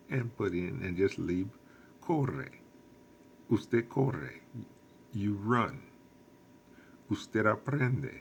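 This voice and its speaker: A man teaching a recorded lesson as a Spanish teacher, explaining slowly and patiently with lots of repetition. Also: on the low side, slight background noise.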